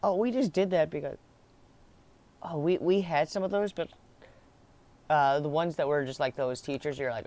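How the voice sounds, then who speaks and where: A young man chats loosely about his school days, restarting sentences and laughing along the way. His voice sits a little high and sounds smooth and clear. He swears offhandedly and keeps the story loose. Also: normal speed, pauses often, a little mellow. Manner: rambling, laughing, swears casually, many restarts. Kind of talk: casual storytelling chat.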